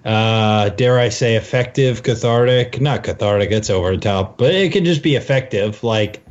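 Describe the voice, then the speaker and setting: A man's voice: lowish voice, normal speed. Wry comedian man, muffled podcast sound. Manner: wry, ironic asides. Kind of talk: casual chat. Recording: dull lo-fi podcast audio.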